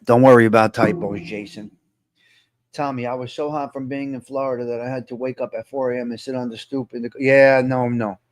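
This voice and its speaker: A man's voice: mid-range voice, steady tone, brisk, no room sound, studio quality. A man hosting a casual live-stream chat, talking to viewers and repeating his points with emphasis. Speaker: host.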